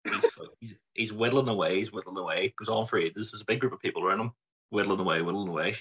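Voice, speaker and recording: A Northern Irish man tells a story in a laid-back, amused way, his voice husky but bright and fairly low. The audio is dull and lo-fi. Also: fast. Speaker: podcast guest. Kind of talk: casual chat, anecdote telling.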